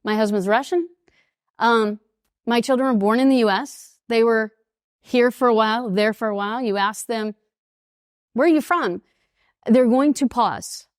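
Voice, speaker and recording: A woman's voice: on the high side, moderate pace, no room sound, clean studio sound. A woman in her fifties with an East Texas accent, giving a presentation and telling stories that she acts out in different voices. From United States. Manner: lively storyteller who acts out quoted voices. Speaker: speaker at an international school. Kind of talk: presentation talk to an audience.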